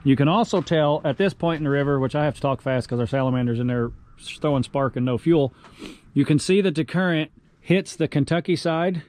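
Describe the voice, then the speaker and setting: This young man's voice is fairly high and brisk as he chats casually for his vlog, cracking jokes and explaining his carpentry on the job. The recording picks up heavy outdoor ambience from a chilly riverside construction site.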